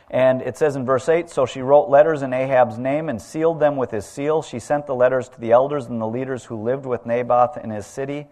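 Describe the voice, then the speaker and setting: A man preaching a sermon, retelling scripture and swinging between loud emphasis and quiet, low asides. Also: normal speed. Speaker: pastor.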